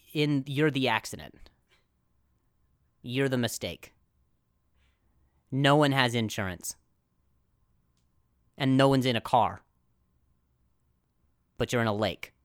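A man hosting a podcast, telling a comic story in an animated, self-deprecating way, laughing often and jumping into high put-on voices for quotes. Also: clear, resonant tone, no echo, studio quality. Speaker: podcast host. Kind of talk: comedic storytelling.

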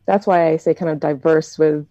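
American woman, mellow low voice, dry close sound, chatty storyteller in a group talk. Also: steady tone, normal speed, dry recording, highs cut off. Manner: chatty, reflective storytelling with many fillers. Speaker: discussion participant. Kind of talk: casual group discussion.

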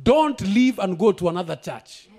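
High-pitched shouting pastor. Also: male voice, expressive, moderate pace. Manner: declares prophecy in shouted bursts, switches into Swahili asides. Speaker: guest pastor. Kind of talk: sermon. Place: church service.

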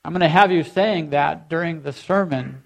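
A man's voice: a little high, moderate pace, creaky. A man preaching a sermon as pastor, leading his congregation in call and response. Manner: leads the congregation in repeated chanted responses.

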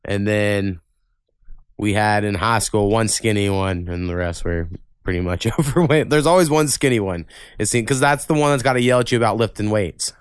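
A man hosting a casual podcast, spinning rambling, profanity-laced stories. His voice is smooth and clear, and the recording is close and dry with no room sound. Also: lowish voice, moderate pace, dry recording. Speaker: podcast host. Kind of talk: casual chat.

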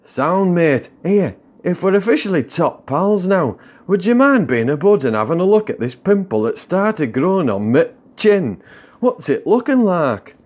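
A patient, chiding pal, as a man puts him on, keeping his mate in check. His voice sits a little raised and coaxing, steady and friendly. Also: high voice, a little slow, pitched above the performer's own voice, full character voice. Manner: soothing, chiding.

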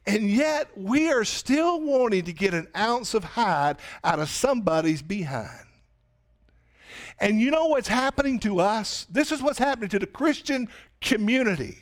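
A man preaches a sermon in a loose, conversational way. He keeps turning to his listeners with rhetorical questions. His speaking voice sits notably high for a man. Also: lively intonation, normal speed. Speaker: pastor.

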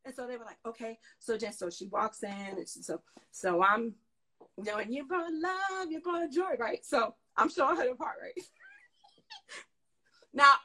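A woman telling a lively story in a casual interview, excitable and full of slangy asides. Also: a little high, normal speed, pauses often, slightly rough, poor audio. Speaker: guest dancer and choreographer.

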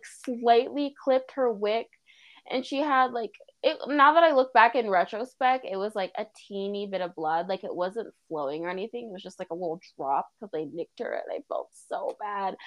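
A woman's voice: medium pitch, normal speed, no echo. A woman co-hosting a podcast, telling a story in a chatty, dramatic way with lots of "like". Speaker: podcast co-host. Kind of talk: casual chat.

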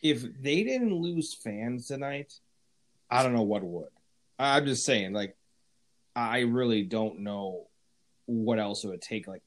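Blunt, swearing man on a podcast. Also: fairly low pitch. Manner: blunt, profane, fast bursts. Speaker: podcast co-host. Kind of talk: casual podcast chat.

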